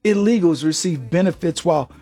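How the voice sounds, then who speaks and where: A man's voice: fairly high pitch, expressive, brisk, mellow. A man hosting a radio talk show, delivering an emphatic, mocking political monologue and chuckling at his own jokes.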